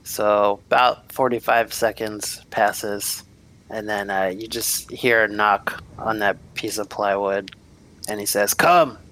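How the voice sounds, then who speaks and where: A man's voice: fairly low pitch, flat delivery, slow, fairly bright tone, poor audio. A man narrating a tabletop game as game master, describing scenes and playing the people the players meet.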